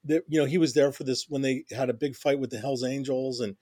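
A man's voice: medium pitch, steady tone, brisk, darkish tone, no room sound, clean studio sound. A middle-aged man telling stories in a casual interview, rambling with many restarts and constant "you know"s. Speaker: interview guest, music journalist.

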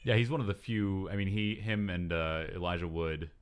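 Deep-voiced laid-back male podcast guest. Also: normal speed, clear, resonant tone. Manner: laid-back, laughs often. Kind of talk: casual podcast chat.

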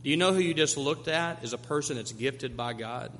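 Bright-voiced preacher in a reverberant hall. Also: male voice, mid-range voice, fairly quick, slight background noise. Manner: preaching with emphatic repetition. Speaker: pastor. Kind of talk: sermon.

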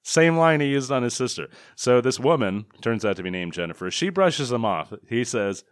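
Man, casual film recap, lively pitch, dry close sound, profane, laughing. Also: normal speed, few pauses, no room sound. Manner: profane, laughing, acts out lines from scenes. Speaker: podcast co-host reviewing a film. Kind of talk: casual chat.

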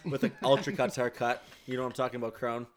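A man's voice: mid-range voice, level tone, quick pace. A man co-hosting a podcast in casual chat, telling rambling, self-conscious stories. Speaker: podcast co-host.

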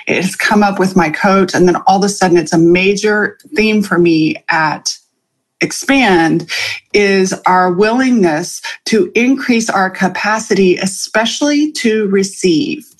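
A woman hosts her live podcast in a loose, conversational way, pausing on ums and laughing now and then. Her voice sits in a middle pitch with a husky edge. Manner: chatty, with frequent ums and laughs. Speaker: podcast host and coach. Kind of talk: casual live podcast monologue.

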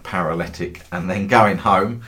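A man's voice: deep voice, measured pace, pushed and bright. A middle-aged man who hosts a football trading group, telling meandering anecdotes with dry humour and casual swearing.

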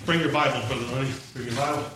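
A man preaching a sermon in a church, emphatic and rising to shouts as he draws in the congregation. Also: medium pitch, steady tone, racing. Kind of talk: sermon with live demonstration. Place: church sanctuary. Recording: echoey church from a distant mic, faint noise.

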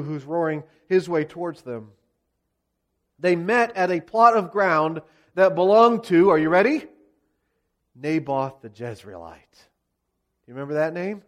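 Male preacher, higher voice than most men, retells scripture vividly for a sermon. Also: animated, measured pace, pauses often. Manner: vivid, dramatic storytelling of scripture. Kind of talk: expository sermon.

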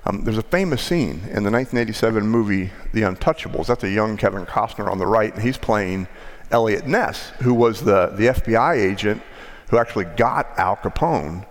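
Middle-aged Texan pastor, lowish voice, conversational sermon delivery, long church reverb. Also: male voice, animated, a little fast. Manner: conversational storytelling preacher, occasional restarts. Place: large church sanctuary.

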